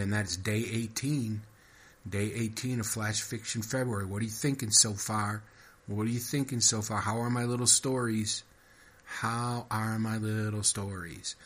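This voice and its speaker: A man's voice: on the low side, fairly bright tone, slightly rough. A man hosting his own podcast, reading short fiction aloud and then chatting in a rambling, repetitive way. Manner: rambling, self-interrupting, repeats himself. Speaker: podcast host and fiction writer.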